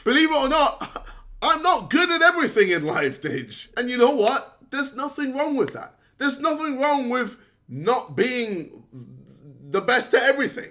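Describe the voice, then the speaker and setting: A man's voice: sits high, a bit bright. A young man ranting straight to camera, scolding a fellow creator with exasperated, swearing outbursts and laughs between points. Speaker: vlogger addressing a fellow creator. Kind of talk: direct-to-camera rant.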